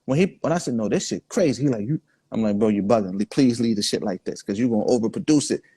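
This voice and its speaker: A man's voice: on the low side, fast talker, warm tone, breathy edge, no echo. A man, the guest in a casual interview, telling laid-back stories full of quoted dialogue. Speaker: guest artist.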